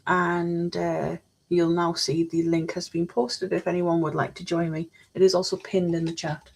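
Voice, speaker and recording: A woman's voice: on the low side, little pitch movement, moderate pace, gravelly, a little mellow. A woman chatting casually on a live stream, reading out chat messages while she builds a model kit at her desk.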